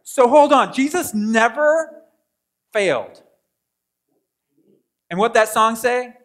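A male pastor preaching a sermon in a conversational way, asking the congregation questions and acting out prayers, swinging from quiet asides to loud bursts. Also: extremely high pitch, animated, slow.

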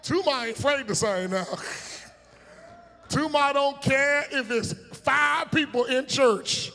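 High, bright-voiced preacher shouting in a hall. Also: male voice, gravelly. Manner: call-and-response preaching, shouting and teasing the congregation; drawn-out, emphatic phrasing with sudden shouts. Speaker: pastor. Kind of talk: sermon. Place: church sanctuary. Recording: long church hall reverb.

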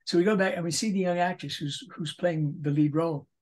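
A man in his eighties, a voice actor guest, telling animated anecdotes in a casual interview, with frequent restarts. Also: on the high side, brisk. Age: 80s.

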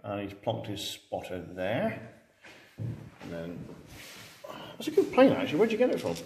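A man's voice: on the low side, wildly swooping pitch, creaky, darkish tone. A man, casually commentating a tabletop wargame he is playing, chatty and joking. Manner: chatty, joking, quick asides. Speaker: host and wargame player. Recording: roomy hall with long reverb.

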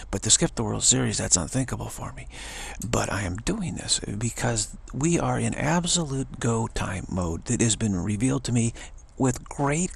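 A man's voice: mid-range voice, creaky, husky. A man giving an earnest, rambling spiritual monologue to camera, often restarting his sentences. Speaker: spiritual video blogger.

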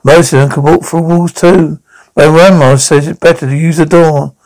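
A man voicing a friendly young zombie girl who is new and shy, in a gentle, earnest read for a cartoon. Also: fairly high pitch, steady tone, moderate pace, close to an everyday voice, rough recording.

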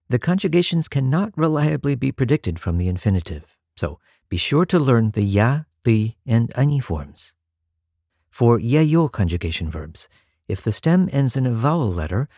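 A man narrating a scripted grammar lesson, explaining patterns clearly and saying example words carefully. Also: medium pitch, dark tone, no echo, clean studio sound. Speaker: language teacher.

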